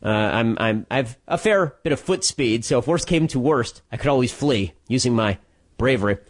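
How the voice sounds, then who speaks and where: A man delivering a solo commentary monologue, telling a story quickly with restarts and sarcastic, mocking asides. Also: medium pitch, expressive. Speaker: political commentator.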